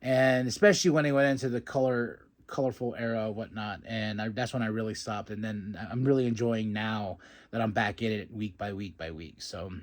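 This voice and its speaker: A man's voice: on the low side, moderate pace. A young man hosting a podcast, casually recapping a wrestling show and acting out the wrestlers' lines in put-on voices, with frequent laughs. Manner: animated, acts out quotes in put-on voices, laughs often.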